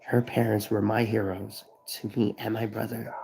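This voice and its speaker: Grieving gravelly-voiced man in his thirties. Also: lowish voice, flat delivery, normal speed, warm tone, low-quality recording. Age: 30s. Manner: rambling, profane, repeats himself. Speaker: vlogger. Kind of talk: emotional live stream talk.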